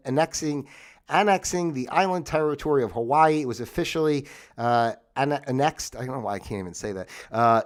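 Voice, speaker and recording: A man hosting a casual livestream, rambling through history notes with sarcastic asides and lots of fillers. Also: fairly high pitch. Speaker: livestream host.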